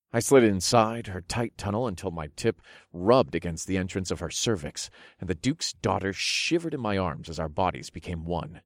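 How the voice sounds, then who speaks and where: A man narrating a first-person story for an audiobook, expressive, moving between low murmurs and loud bursts. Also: no echo, studio quality.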